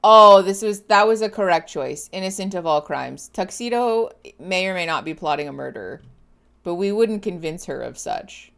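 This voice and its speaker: A woman's voice: fairly low pitch, lively intonation, moderate pace, vocal fry, a bit bright. Giggly woman gushing over pets. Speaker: streamer. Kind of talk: casual reaction chat.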